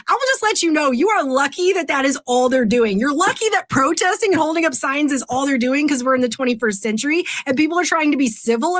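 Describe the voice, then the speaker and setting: A woman host from Texas rants bluntly and swears freely while reacting to news clips. Her voice sits high and swings widely in pitch. The sound is dry and close, with no room echo. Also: fairly bright tone. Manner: blunt, profane, heated ranting. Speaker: podcast host.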